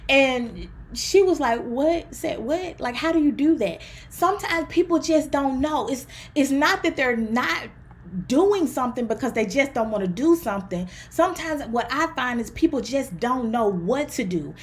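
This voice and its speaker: A woman's voice: high voice, lively intonation, moderate pace. A woman from the Southern US with a country twang, a therapist and relationship coach chatting to viewers on a livestream. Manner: chatty, upbeat, talks straight to viewers. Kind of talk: casual livestream talk.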